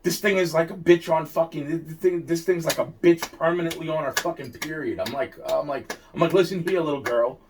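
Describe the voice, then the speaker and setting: A man's voice: on the high side, fairly quick, hardly any pauses, noisy background. Heated, profane man ranting. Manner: heated, profane, repeats himself and restarts often. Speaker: interviewee telling a personal story. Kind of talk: casual storytelling rant. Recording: distant mic.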